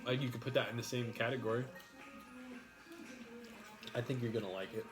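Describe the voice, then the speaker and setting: A man with an ordinary mid-range voice who talks in a relaxed, teasing way, dropping hints about a surprise he is keeping to himself. Clear music plays behind him during the casual eating vlog. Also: a little fast. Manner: teasing, secretive and low-key. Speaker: mukbang co-host. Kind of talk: casual chat.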